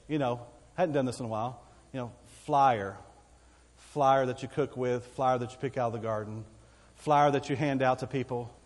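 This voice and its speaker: A man's voice: mid-range voice, steady tone, fast, darkish tone, in a large hall. A man with a Texan accent preaching a sermon as pastor, folksy and conversational, with asides to the congregation. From Texas.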